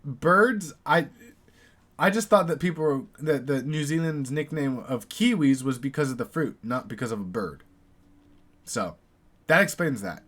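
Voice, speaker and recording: An American man comments casually as he reacts to a video. His voice sits a bit high and swings widely, and he muses aloud and chuckles often. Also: animated, measured pace, a bit bright.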